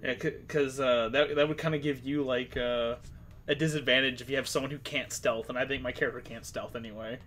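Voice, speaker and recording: A man's voice: medium pitch, fairly even intonation, a little fast, fairly bright tone. A man chatting as a player in a casual tabletop role-play game, rambling with lots of fillers.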